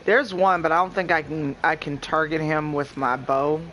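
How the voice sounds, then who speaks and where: A man chatting casually while streaming a co-op game, excitable, laughing often and swearing freely. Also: on the high side, moderate pace, a little hiss or hum. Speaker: gameplay streamer. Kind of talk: casual co-op gameplay chat.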